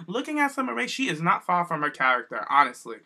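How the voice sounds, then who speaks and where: An animated co-host whose bright voice swoops up and down as they act out little scenes. They talk casually and swear freely in a round-table chat. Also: mid-range voice, quick pace. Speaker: podcast co-host.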